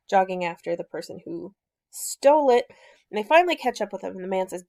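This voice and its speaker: A woman's voice: medium pitch, animated, fairly quick, vocal fry, mellow. A woman hosting a book discussion, casually retelling a novel's plot in a conversational way, with loose fillers and restarts.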